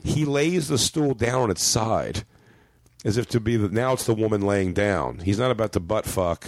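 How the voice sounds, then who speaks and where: A man with a somewhat low voice holds the floor as a comedian on a casual podcast. He rambles through profane stories, slipping into quoted voices. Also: expressive, moderate pace, no room sound.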